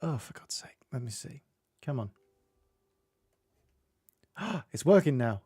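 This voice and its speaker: A man's voice: medium pitch, a little slow, long pauses, warm tone, no echo, studio quality. A man chatting casually with viewers at the start of a live stream, greeting them by name and rambling a little. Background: faint game music.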